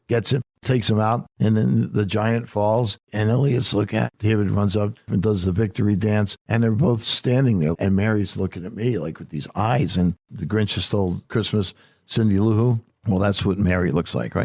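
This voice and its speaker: A man's voice: fairly low pitch, creaky, a little mellow, dry recording, clean studio sound. An older man, a political candidate, talking as a guest in a casual interview and telling folksy, emphatic stories.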